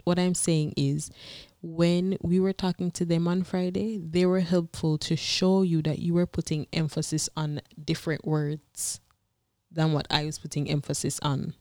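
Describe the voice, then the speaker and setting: A woman co-hosting a relaxed podcast with her partner. Her tone is mellow and earnest as she explains her view at length. The sound is dry and close. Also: deep voice, no room sound. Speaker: podcast co-host. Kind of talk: casual couple's podcast chat.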